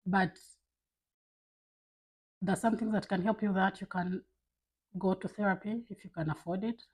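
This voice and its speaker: Woman, husky voice, candid casual vlog talk, blunt, lots of fillers. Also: mid-range voice, fairly even intonation, measured pace, low-quality recording. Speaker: vlogger.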